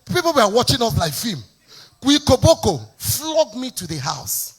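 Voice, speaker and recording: A woman's voice: on the high side, very animated, unhurried, husky. Fervent Nigerian woman pastor preaching. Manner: fervent preaching, slips into sing-song and shouted emphasis. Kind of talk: sermon.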